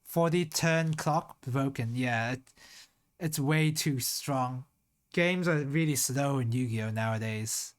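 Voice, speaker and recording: A streamer thinking aloud in casual live-stream talk, slowly sounding out Japanese words syllable by syllable and trailing off into mutters. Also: mid-range voice.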